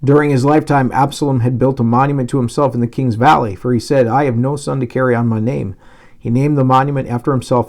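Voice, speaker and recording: A male pastor with a mid-range voice reads a Bible passage aloud. He gives the dialogue lively emphasis, though he occasionally slips and restarts.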